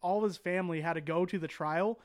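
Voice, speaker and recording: A man's voice: high-pitched, fast, smooth, no echo, clean studio sound. A man hosting a casual podcast chat and telling a story in a loose, laid-back way with plenty of swearing. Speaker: podcast host.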